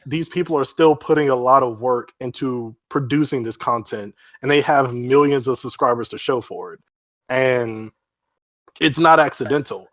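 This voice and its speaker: A man's voice: mid-range voice, no echo. A man co-hosting a podcast, chatting casually and acting out quotes, with lots of "like". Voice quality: animated, lots of "like" and acted-out quotes. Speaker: podcast co-host. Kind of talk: casual chat.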